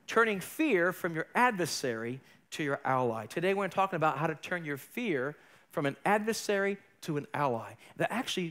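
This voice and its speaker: A male pastor preaching a sermon in a church, emphatic and building to forceful peaks. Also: fairly high pitch. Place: church sanctuary.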